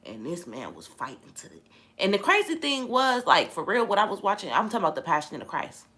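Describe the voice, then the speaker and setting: Lively bright-voiced woman preaching casually. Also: mid-range voice, fast. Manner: animated, emphatic, preachy. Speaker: vlogger. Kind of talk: casual faith talk.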